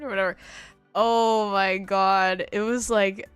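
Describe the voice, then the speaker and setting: A woman's voice: brisk, fairly bright tone, smooth, no room sound, faint music behind. Giggly young American woman streamer. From United States. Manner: rambling storyteller, giggly, heavy on "like", acts out quotes in a higher voice. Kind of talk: casual chat.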